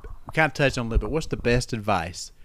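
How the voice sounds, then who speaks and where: A man's voice: medium pitch, expressive, fast talker, fairly bright tone, a little hiss or hum. A man hosting a podcast, easygoing and joking in casual interview chat. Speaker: podcast host.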